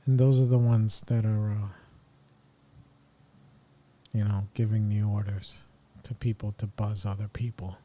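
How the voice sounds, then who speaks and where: Middle-aged man, podcast host, blunt slangy rant, slow and drawn out, dark mellow voice. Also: lowish voice, little pitch movement. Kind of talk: casual opinionated monologue.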